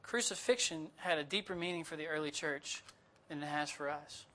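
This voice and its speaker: A man's voice: on the high side, moderate pace, sharp tone. A man preaching as a guest speaker, talking in a conversational way with humorous asides and reading closely from his notes. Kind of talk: sermon.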